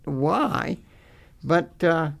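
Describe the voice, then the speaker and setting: An older man who is a pastor, earnestly telling his life story in an interview, halting and repeating words as he remembers. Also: on the high side, lively intonation, gravelly, a bit bright. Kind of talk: personal storytelling in a faith interview.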